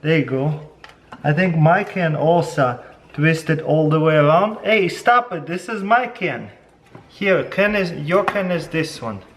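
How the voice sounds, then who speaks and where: A man casually reviewing kitchen gadgets at home, talking to his dogs and getting loud and excited as he demonstrates. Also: unhurried, slight background noise. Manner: excitable, gets very loud and high when thrilled. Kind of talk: casual product review vlog.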